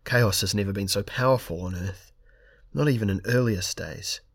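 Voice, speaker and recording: A man's voice: fairly low pitch, moderate pace, no echo, studio quality. A man reading aloud and voicing an immortal, persuasive lord of chaos in an audiobook. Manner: persuasive, silky.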